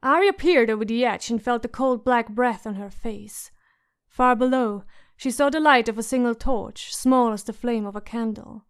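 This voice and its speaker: A woman narrating an audiobook in a measured, suspenseful way. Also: on the high side, clean tone. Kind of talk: scripted narration.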